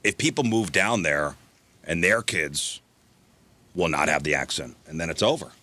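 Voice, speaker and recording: Man, casual talk-show chat, low pitch, bright forceful tone, mimics accents in quotes. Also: moderate pace. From East Coast. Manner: chatty, imitates accents in quotes. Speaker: radio show co-host.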